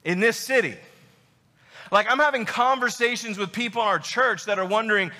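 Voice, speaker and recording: A man's voice: high voice, a little fast, pushed and bright, in a large hall. A man preaching a sermon as pastor, emphatic and emotional, full of rhetorical questions.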